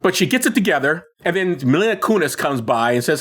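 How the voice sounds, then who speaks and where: A man co-hosting a podcast, retelling a film in casual chat with lots of restarts and laughs. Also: on the high side. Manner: animated, halting retelling with many restarts and laughs. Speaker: podcast co-host.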